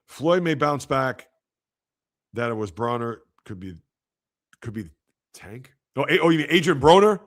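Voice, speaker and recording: A man's voice: medium pitch, animated, measured pace, long pauses. A man hosting a casual sports commentary livestream, rambling with rhetorical, exasperated asides.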